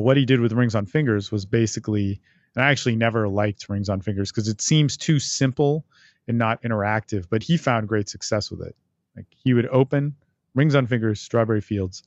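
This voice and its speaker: A man's voice: on the low side, no echo, highs cut off. A man hosting a podcast, explaining in a loose, rambling way and acting out the lines he quotes. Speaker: podcast host. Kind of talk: casual instructional talk.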